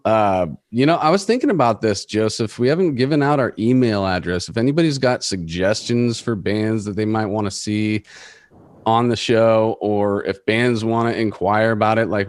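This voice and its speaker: A man's voice: lowish voice, animated, normal speed, dry recording, studio quality. A man hosting a podcast, chatting in a laid-back, casual way and swearing now and then. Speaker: podcast host. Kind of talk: casual chat.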